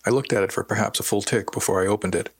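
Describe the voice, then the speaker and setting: A man calmly narrating a first-person novel as an audiobook reader, with a husky voice. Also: lowish voice, no echo. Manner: calm, measured storytelling.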